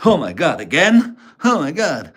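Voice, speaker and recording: An exaggerated moaning woman, as a man mimics her. His voice jumps up well above his own and gets louder, breathy and overdone. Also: on the high side, wildly swooping pitch, moderate pace, pitched above the performer's own voice, exaggerated voice. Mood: mocking.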